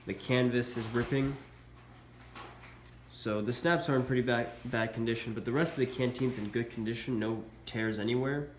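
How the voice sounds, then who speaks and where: This casual vlog features a man, nasal with a cold, presenting military collectibles haltingly and with many filler uhs. He has a mid-range voice, fairly even intonation and a moderate pace. Faint noise sits behind him in an echoey room.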